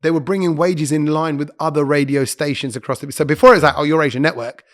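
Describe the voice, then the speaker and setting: A man, a radio presenter, chatting as a podcast guest and telling stories quickly, often breaking off to correct himself. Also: a little high, fairly even intonation, a bit bright. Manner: quick, chatty storyteller who interrupts himself. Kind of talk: casual interview chat.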